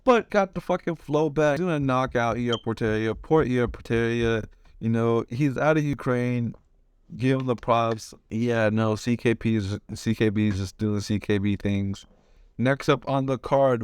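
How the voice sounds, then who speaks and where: A man's voice: medium pitch, smooth, no room sound. A man giving fight predictions, talking slangy and rambling, swearing a lot and restarting his sentences. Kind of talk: casual chat.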